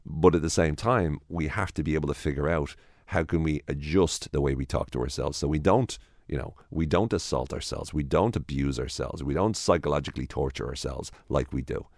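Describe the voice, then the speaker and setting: A man's voice: rumbling low, brisk, few pauses, no room sound, studio quality. A man, a guest in an interview, explaining ideas at length with frequent restarts and acted-out inner voices. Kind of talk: conversational interview.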